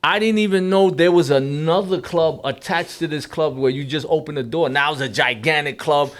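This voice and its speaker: A man's voice: on the high side, moderate pace, a bit bright. A middle-aged man, telling a story as a podcast guest in streetwise slang. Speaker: guest rapper. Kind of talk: casual storytelling.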